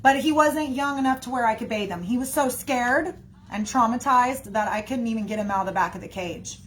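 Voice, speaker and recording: A young woman, telling a casual, rambling story to her viewers, animated and laughing, slipping into quick voices of her friends. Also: a little high, slight background noise, poor audio. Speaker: vlogger.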